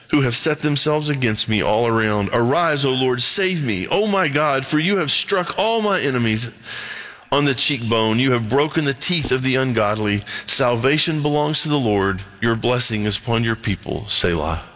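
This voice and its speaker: A man preaching a sermon and reading scripture aloud, emphatic, dropping to a hush and then rising to excitement. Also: mid-range voice. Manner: emphatic, swings between hushed and excited. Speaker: pastor.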